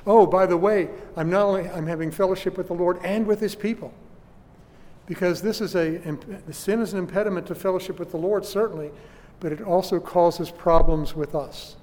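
A man's voice: high voice, darkish tone, big-room sound. A man preaching a sermon to his congregation, earnest and questioning his listeners. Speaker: pastor.

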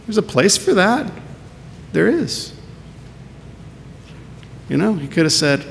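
A man's voice: sing-song, unhurried, creaky, long pauses. A man preaching a sermon as pastor, earnest and full of rhetorical questions. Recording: long hall reverb with faint rumble.

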